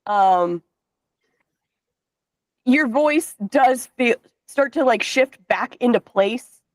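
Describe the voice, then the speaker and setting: Woman, game master, casual and profane, higher pitch, dry sound. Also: animated, drawn-out words, dry recording. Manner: casual, swears, hesitant fillers. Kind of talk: narrating a tabletop game.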